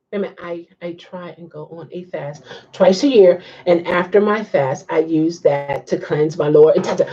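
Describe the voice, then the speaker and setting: A woman's voice: mid-range voice, highs cut off. A woman hosting a casual livestream, chatting and reacting to viewer comments with frequent laughs. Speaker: livestream host.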